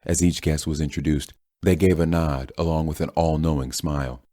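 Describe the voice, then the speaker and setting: A man narrating a horror audiobook in a steady storytelling manner. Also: a bass voice, moderate pace, no room sound, clean studio sound. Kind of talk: scripted narration.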